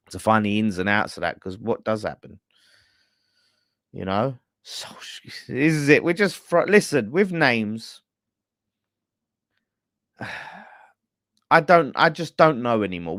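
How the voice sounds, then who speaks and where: A man's voice: fairly low pitch, a bit bright, dry recording, clean studio sound. A man, presenting a fan channel, ranting bluntly and swearing in casual chat. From England.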